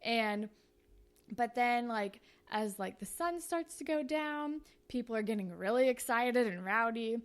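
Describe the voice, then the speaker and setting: A woman's voice: fairly high pitch, lively intonation, a little slow, smooth. A woman hosting a podcast, telling a story in a chatty, casual way full of "like" fillers. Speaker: podcast host.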